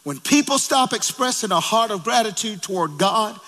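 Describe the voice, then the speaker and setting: A man preaching a sermon in a church, calling out to the congregation and rising to shouts. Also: high-pitched, animated, moderate pace, in a large hall. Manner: calls out to congregation, rises to shouting. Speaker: pastor. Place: church sanctuary.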